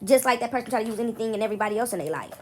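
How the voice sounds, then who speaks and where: A woman's voice: fairly high pitch, racing, slight background noise. A woman talking casually to her viewers in a rambling, frank monologue, often checking in with "right?". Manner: rambling storytelling, keeps asking "right?"; frank, animated venting.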